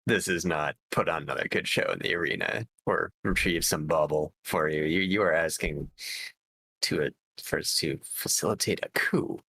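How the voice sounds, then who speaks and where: A man's voice: extremely low pitch, normal speed, creaky, pushed and bright, slightly rough, dry recording, low-quality recording. A man playing a tabletop game in character, negotiating in a hesitant way full of fillers. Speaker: player. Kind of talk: tabletop role-play in character.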